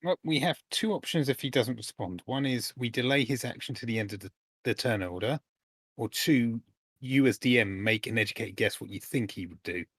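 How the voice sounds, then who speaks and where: A man playing a tabletop game, calm and practical about the rules. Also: mid-range voice, a little fast, husky, dry recording, clean studio sound. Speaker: player.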